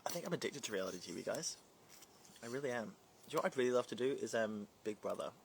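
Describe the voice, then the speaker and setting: A young New Zealand drag performer with a slight British twang reads live comments during a casual livestream Q&A, chatty, playful, and scattered. His mid-range voice is expressive, fast, and gravelly, with slight background noise.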